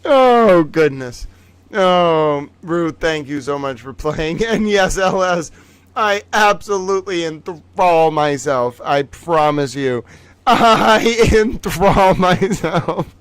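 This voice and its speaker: A man with a high, light voice hosts a live-stream trivia game in a slow, unhurried way. He giggles between phrases and keeps up a playful, chatty running banter. The sound is dry and close. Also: lively intonation, clean tone, dry recording. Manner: playful, chatty, talks to his stuffed toys. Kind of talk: casual live-stream chat.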